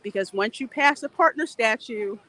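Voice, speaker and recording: A woman with a slightly high, bright and forceful voice hosts a casual outdoor livestream while strolling through a theme park, speaking at a moderate pace with lively intonation. She's chatty, laughs a lot, and reads viewer comments aloud, with faint outdoor noise in the background.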